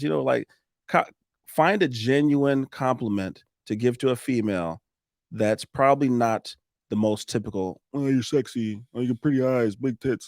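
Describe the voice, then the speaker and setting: A man guesting on a podcast, talking in a lively coaching way with frequent restarts and laughs. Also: mid-range voice, vocal fry, no room sound, clean studio sound. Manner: animated, coaching tone, laughs often, restarts sentences. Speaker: podcast guest, roofing business owner. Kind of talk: casual podcast chat.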